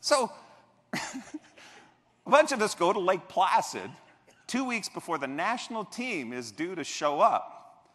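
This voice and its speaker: A man delivers a motivational keynote from a convention stage, his bright, higher voice swooping up and down as he tells stories with a joker's asides. A long reverb hangs on it from the big hall. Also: unhurried, long pauses. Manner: animated, jokey, playful asides to the audience. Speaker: keynote speaker. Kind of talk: motivational keynote with humorous storytelling.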